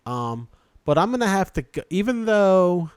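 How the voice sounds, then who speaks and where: A man in a relaxed podcast chat who makes his case with emphasis. His pitch moves around a lot as he talks. The mic sound is close and dry. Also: smooth, no echo. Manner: animated, emphatic, quick to argue his picks. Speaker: podcast co-host.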